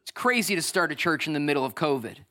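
A man in his thirties preaching a lively sermon as pastor, acting out voices and swinging from loud bursts to soft, tearful moments. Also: on the high side, fast talker. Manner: energetic, acts out voices, swings from shouting to near tears.

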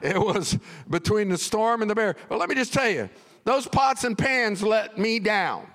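Man, pastor, comic sermon story, animated, higher voice, long reverb. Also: moderate pace.

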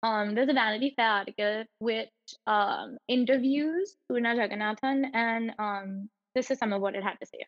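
A woman's voice: a little high, moderate pace, hardly any pauses, no echo, in a large hall, lo-fi sound. A woman co-hosting a podcast, chatting casually and animatedly, often digressing. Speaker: podcast co-host. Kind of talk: casual chat.

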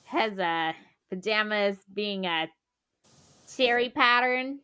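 A woman's voice: medium pitch, expressive, takes it slowly, sharp tone, smooth. A woman co-hosting a casual podcast over an online call, speaking hesitantly with fillers and laughing often. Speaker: podcast co-host. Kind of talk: casual chat.

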